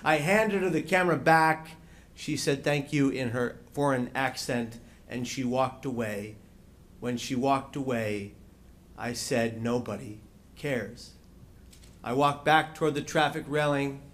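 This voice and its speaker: A man giving a speech as a panel speaker, telling a personal story with dramatic, slowed phrasing and touches of wry humor. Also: medium pitch, a bit bright, slight background noise.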